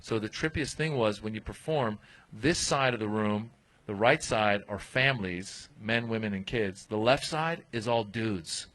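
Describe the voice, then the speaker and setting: A man telling an animated story as a guest comedian on a comedy podcast. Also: lowish voice, a little slow, low-quality recording. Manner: animated storyteller, acts out voices.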